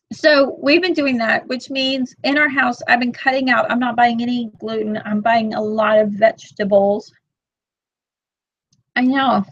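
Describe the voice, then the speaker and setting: A woman in her thirties chatting casually to her live-stream viewers, animated and quick to act out her own side of a story. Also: fairly high pitch, no room sound, highs cut off. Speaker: vlog host reading live chat.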